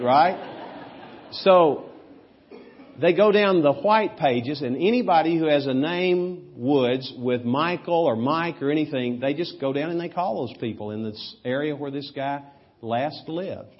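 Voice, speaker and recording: A male pastor preaches in a husky voice, telling stories with humor and jumping into loud emphasis. The recording is muffled and lo-fi. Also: fairly high pitch. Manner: lively, humorous storyteller with sudden loud emphasis. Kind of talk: sermon with storytelling.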